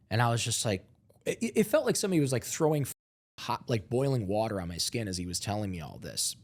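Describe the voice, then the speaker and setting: Animated storytelling man. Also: on the low side, fast. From Ohio, USA. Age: middle-aged. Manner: animated, acts out both sides of dialogues, stammers when emotional. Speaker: guest, entrepreneur. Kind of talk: emotional personal storytelling.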